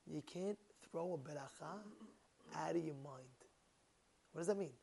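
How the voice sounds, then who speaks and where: Rabbi teaching a class, animated, talks with the room, lots of fillers. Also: male voice, on the high side, measured pace, gravelly, breathy edge. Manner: animated, asks the room questions, many fillers. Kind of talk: Torah class to listeners.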